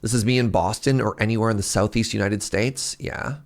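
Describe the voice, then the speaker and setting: Gravelly-voiced man chatting while gaming. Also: lowish voice, fairly quick. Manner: chatty, laughs often, jumps between stories and game. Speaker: game streamer. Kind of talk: casual gameplay chat.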